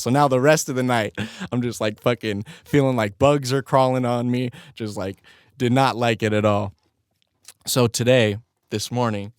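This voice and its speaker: A man hosting his own podcast from a home studio, telling a story in a casual, animated way, swearing constantly and laughing along. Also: medium pitch, clear, resonant tone, no room sound. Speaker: podcast host.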